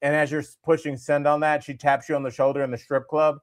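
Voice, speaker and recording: A man co-hosting a comedy news podcast, riffing in an animated way and laughing at his own jokes. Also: fairly high pitch, fast, dry recording, clean studio sound. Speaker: podcast co-host.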